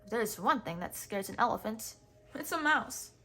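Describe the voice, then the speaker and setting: A woman's voice: a little high, animated, moderate pace, sharp tone, soft background music. A woman reading a storybook aloud, voicing a small, cheeky male circus mouse who speaks lightly and confidingly. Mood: chuckling.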